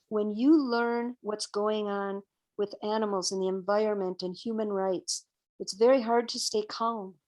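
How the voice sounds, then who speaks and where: A woman in her sixties, a guest on an interview podcast, telling a personal story in an animated way and acting out her own past outbursts. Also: mid-range voice. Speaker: interview guest, vegan educator.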